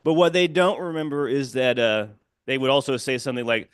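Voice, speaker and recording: A man doing a deadpan stand-up set at a small cafe open mic. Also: medium pitch, a little fast, clear, resonant tone, no echo, studio quality. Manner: deadpan, mock phone call, self-deprecating. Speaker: stand-up comedian.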